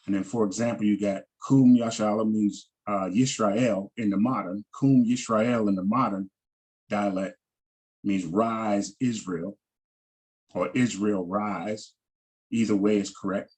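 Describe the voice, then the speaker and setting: Slow, husky-voiced man teaching vocabulary. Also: on the low side, steady tone, a little mellow. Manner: repeats words and pronunciations, frequent "all right". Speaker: Hebrew language teacher. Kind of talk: slow vocabulary lesson over shared screen.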